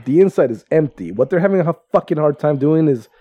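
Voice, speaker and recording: A man's voice: fairly high pitch, animated, quick pace, no room sound, dull audio. A man co-hosting a podcast, swearing freely and teasing his friends in casual chat. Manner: profane, teasing banter. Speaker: podcast co-host.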